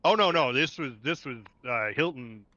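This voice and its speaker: A man's voice: medium pitch, animated, normal speed, sharp tone, no echo, muffled recording. A man hosting a game stream, chatting casually, laughing often and repeating himself. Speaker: stream host. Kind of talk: casual chat while gaming.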